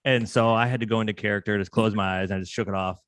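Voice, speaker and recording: A man hosting a casual podcast interview, chatting with animated, storytelling energy. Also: fairly low pitch, very fast, a little hiss or hum. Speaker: podcast host.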